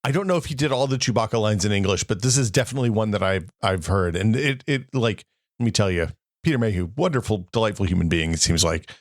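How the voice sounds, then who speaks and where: A man hosting a casual tech podcast, talking in an animated way and telling anecdotes. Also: lowish voice, quick pace, no room sound, studio quality. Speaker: podcast host.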